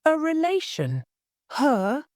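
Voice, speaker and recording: A woman's voice: on the low side, very animated, takes it slowly, darkish tone, no room sound, clean studio sound, full character voice. A woman voicing a timid young working-class maid who has just become an heiress, speaking plainly and anxiously. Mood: indignant.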